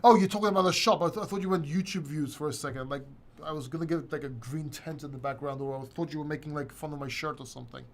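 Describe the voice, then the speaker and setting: A man's voice: a little high, steady tone, quick pace. A man hosting a casual livestream, reading viewers' questions aloud and answering them loosely. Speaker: crypto livestream host. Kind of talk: casual live-chat Q&A.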